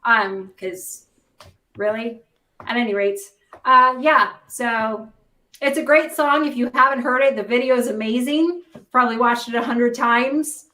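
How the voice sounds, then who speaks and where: A woman's voice: a little high, a little slow, bright, forceful tone, recorded from a distance. A woman hosting a live news stream, chatting sarcastically with many fillers. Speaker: host. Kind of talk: casual news commentary. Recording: echoey room, off mic.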